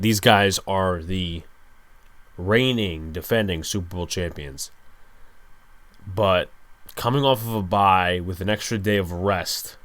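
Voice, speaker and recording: Young male podcast host, keeping his voice down, weary and let down. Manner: speaking low and hushed, late at night; resigned, frustrated fan rant. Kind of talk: solo sports podcast monologue.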